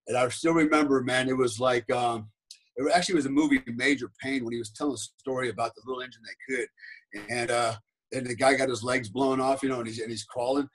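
Fast-talking husky man telling a war story. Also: medium pitch, low-quality recording. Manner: rambling, animated, peppered with "right?" and "man". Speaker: podcast guest, former special forces soldier. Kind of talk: casual storytelling.

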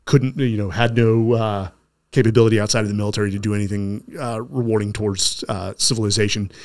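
Earnest, low-voiced middle-aged male host. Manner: earnest, stops and restarts mid-sentence. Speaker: podcast host. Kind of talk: conversational interview.

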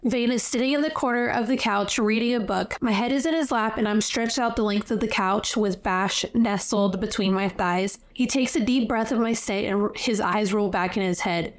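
A woman's voice: medium pitch, normal speed, hardly any pauses. A young woman casually recapping a novel's plot for a podcast, telling it breezily with lots of "like". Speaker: book podcast co-host. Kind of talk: casual chat recapping a book.

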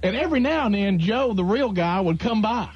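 A man hosting a radio talk show and telling a story with lively laughter. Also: sits high, fairly quick. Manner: animated storyteller, breaks into laughter and shouted impressions. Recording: dull lo-fi radio audio with loud background noise.

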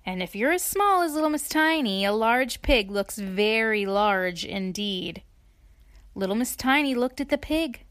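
A woman reading a children's story aloud in an expressive, playful way, adding asides to her listener. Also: a little high, a little slow, dry recording, clean studio sound.

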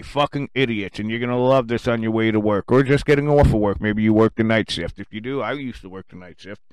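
Male radio host, profane angry rant, sarcastic, smooth clear voice, dry close sound. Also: on the low side, brisk, hardly any pauses, no room sound. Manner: swings from muttering to shouting.

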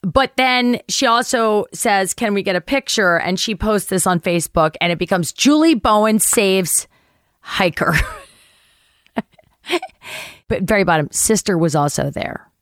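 A middle-aged actress telling a story as an interview guest, animated, swearing and acting out quotes. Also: female voice, unhurried, no echo, clean studio sound. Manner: animated, acts out quotes with big pitch jumps, swears. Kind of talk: lively anecdote telling.

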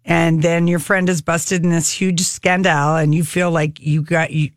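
A woman's voice: on the low side, little pitch movement, measured pace, no echo. Brief: woman radio co-host, chatty and easy laughing, dry close studio sound. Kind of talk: casual banter.

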